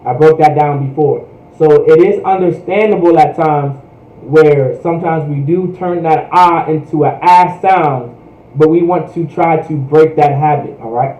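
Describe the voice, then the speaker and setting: A man's voice: a little high, a little slow. A man teaching a language class, talking casually and checking in with "right?" after nearly every phrase. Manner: repeats "right?" and "all right?" constantly. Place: US, Hampton Roads area. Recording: roomy, dull livestream audio.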